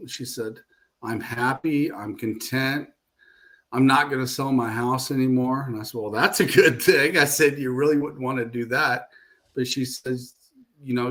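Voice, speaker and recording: A man's voice: medium pitch, fairly bright tone. A man being interviewed as a paranormal investigator, telling a long story in a casual, rambling way and repeating "I said" and "she goes" often.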